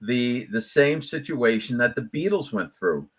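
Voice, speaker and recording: A man co-hosting a casual live-stream chat, animated and jokey, often repeating his words. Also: mid-range voice, a little slow, slightly rough. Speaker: co-host.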